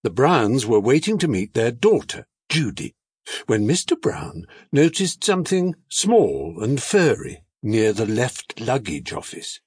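A man narrating a children's storybook audiobook in an expressive storytelling manner. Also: medium pitch, measured pace, husky, dry recording.

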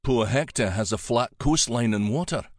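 A man's voice: mid-range voice, normal speed, no room sound, clean studio sound, close to an everyday voice. A man doing a jovial Scottish dragon king. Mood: teasing. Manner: teasing, warm-humored.

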